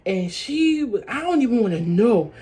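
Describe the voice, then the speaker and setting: A woman's voice: fairly high pitch, big pitch swings, moderate pace, warm tone, breathy edge. A young adult woman telling a story-time vlog in a rambling way, repeating herself with many fillers. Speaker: vlogger.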